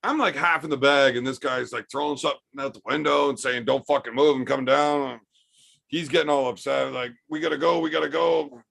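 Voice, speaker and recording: A man's voice: mid-range voice, steady tone, a little fast, creaky, a bit bright. A middle-aged man hosting a livestream chat, telling a rambling, profane story while a bit tipsy. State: drinking, tipsy. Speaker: livestream host reading chat.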